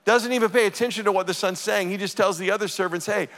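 A man's voice: high voice, quick pace, fairly bright tone. A middle-aged man preaching a sermon as a pastor, earnest and emphatic. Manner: earnest, emphatic scripture reading. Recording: church hall reverb.

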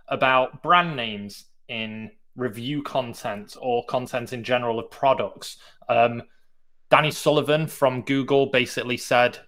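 A man's voice: medium pitch, fairly bright tone. A British man co-hosting a podcast, chatty and light, often turning questions back to his partner. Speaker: podcast co-host. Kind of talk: casual discussion of search marketing news.

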